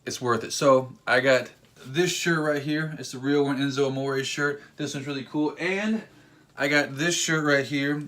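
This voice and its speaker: A man vlogging a casual story in an excitable, rambling way, acting out what people said. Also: mid-range voice, moderate pace. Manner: excitable, rambling, acts out quotes.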